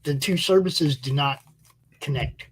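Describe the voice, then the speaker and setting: A man's voice: fairly high pitch, measured pace, slight background noise. A man co-hosting a casual online chat show, talking in a laid-back, rambling way. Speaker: co-host.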